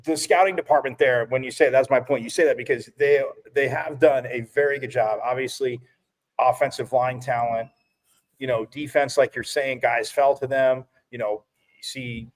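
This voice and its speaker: A man co-hosting a casual sports talk show, rambling and restarting as he tells animated stories. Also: medium pitch, moderate pace. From from Phoenix area.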